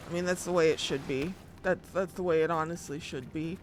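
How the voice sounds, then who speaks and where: A woman streaming gameplay, reacting excitably, swearing often and talking to herself and the screen. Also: low-pitched, fairly quick, slight background noise. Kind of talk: live gameplay commentary.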